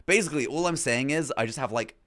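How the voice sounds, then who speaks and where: A man's voice: medium pitch, fast, fairly bright tone, no room sound, studio quality. A young English man with a plain southern English accent, rambling casually to his stream chat about accents. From England. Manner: rambling, self-correcting, chatty.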